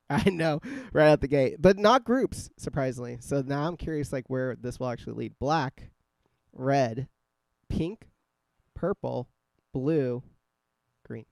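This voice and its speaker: A man hosts a casual podcast, joking and swearing easily. His voice is warm and dark with a smooth, clean tone. It is recorded close, with a dry sound. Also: mid-range voice, animated, slow pace, pauses often, dry recording. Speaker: podcast host. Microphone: scarf-wrapped microphone.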